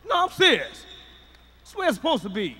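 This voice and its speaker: A middle-aged man tells a stand-up routine in a high, sharp voice, loud, profane and emphatic. His voice rings through a reverberant hall, with faint noise underneath. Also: huge pitch swings, a little fast, breathy edge. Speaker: stand-up comedian.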